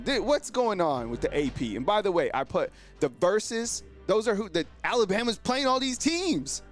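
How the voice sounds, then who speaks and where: A man hosting a casual live sports show, talking excitedly in slang to his viewers, heavy on fillers and exclamations. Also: sits high, normal speed, hardly any pauses, faint music behind. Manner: animated, exclaims and addresses viewers as fam. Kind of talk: casual live-stream commentary.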